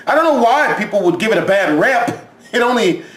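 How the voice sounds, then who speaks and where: A man's voice: sits high, animated, fairly quick, a bit bright. A man hosting a reaction video, jumpy and profane, laughing as he talks. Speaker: YouTube reaction host. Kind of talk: casual reaction commentary.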